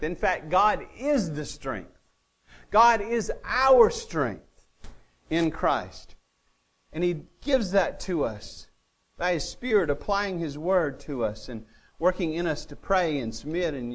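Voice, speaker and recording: Earnest male pastor preaching a sermon. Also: fairly high pitch. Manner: earnest, with dry humor and wide swings from loud to quiet.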